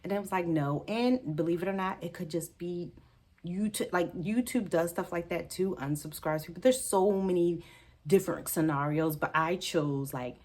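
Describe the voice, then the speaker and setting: A woman's voice: fairly low pitch, moderate pace, a little mellow. A woman hosting a budgeting channel, talking casually and emotionally to camera, rambling and correcting herself as she goes, with a gap in her teeth. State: tearful at times.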